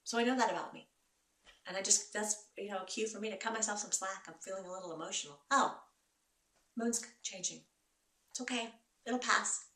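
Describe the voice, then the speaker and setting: A woman host and wellness coach giving gentle, encouraging advice to her viewers. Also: mid-range voice, a little fast. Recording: roomy echo, voice from a distance.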